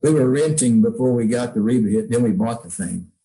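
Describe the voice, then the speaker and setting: A man's voice: mid-range voice, fairly quick, warm tone, low-quality recording. A man, a songwriter, telling heartfelt stories in a casual interview, rambling with many restarts. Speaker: songwriter guest.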